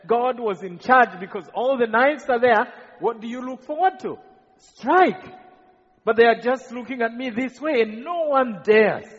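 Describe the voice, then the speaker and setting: A high, husky male voice from Rwanda preaches his testimony earnestly, tripping over repeated words. It is captured in a big church hall with a long, ringing reverb and a muffled, dull sound. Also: a bit bright. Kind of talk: sermon testimony to a congregation.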